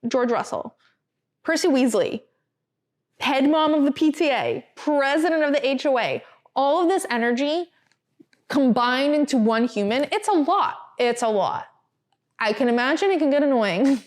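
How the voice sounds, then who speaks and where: A woman's voice: high-pitched, lively intonation, moderate pace. A woman hosting a podcast, talking casually and animatedly, with filler words and laughs. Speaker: podcast host. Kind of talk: casual chat, reading a statement aloud.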